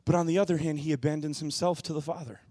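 A man preaching a sermon as pastor, moving from quiet, musing passages to loud, impassioned bursts. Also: a little high, fairly even intonation, quick pace.

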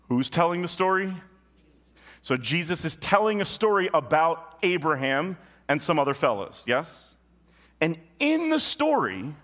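A male pastor preaching a sermon, telling a story with big swings from loud and high to low and quiet. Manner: animated storytelling with sudden jumps in pitch and volume; drops low and quiet on solemn points.

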